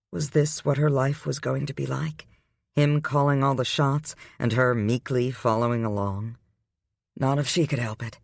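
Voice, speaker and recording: A man giving the scripted, unhurried narration of a romance audiobook. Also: mid-range voice, gravelly, dry recording, studio quality.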